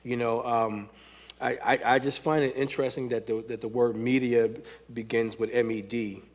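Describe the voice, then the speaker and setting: An American man who choreographs hip hop dance tells stories in a loose, animated way, acting out quotes and laughing often. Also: mid-range voice, normal speed. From United States. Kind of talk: conversational panel talk.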